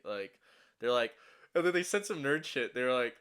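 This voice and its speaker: A man's voice: mid-range voice, lively intonation, fairly quick, fairly bright tone, clean tone. A young man telling a casual story, rambling and profane, with many restarts and fillers, audibly shaky and anxious.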